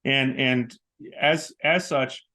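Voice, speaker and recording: A Southern California man co-hosts a casual podcast with his wife, joking and enthusiastic as they chat. His medium-pitched voice is steady, slow, pushed and bright.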